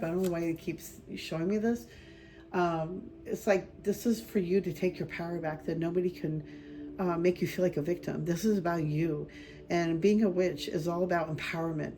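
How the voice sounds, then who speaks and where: A woman's voice: lowish voice, mellow, slight background noise. A woman doing a group card reading as a spiritual medium, talking casually and rambling with many fillers and restarts.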